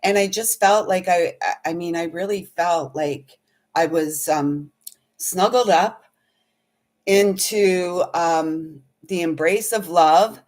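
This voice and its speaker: A woman's voice: on the low side, slow, darkish tone. A woman who works as an intuitive healer, telling a spiritual story in a casual, meandering and earnest way. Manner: meandering, earnest, speaks of feelings.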